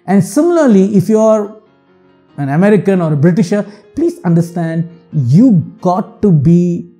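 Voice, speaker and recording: A man's voice: high-pitched, warm tone. A man from India with an Indian English accent, giving frank, earnest advice to other channel makers in a monologue. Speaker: YouTube channel host.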